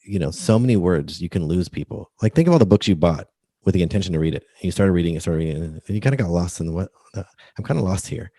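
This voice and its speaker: A man's voice: low-pitched, animated, quick pace, dark tone, dry recording, clean studio sound. A man as a podcast guest, explaining earnestly how books should lead readers to one step. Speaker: guest, book coach. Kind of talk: podcast interview.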